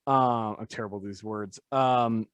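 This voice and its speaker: A man's voice: on the low side, fairly even intonation, moderate pace, a bit bright, clean tone, dry recording. A man, a tattoo artist guest on a podcast, talking casually in a rambling, self-deprecating way full of fillers.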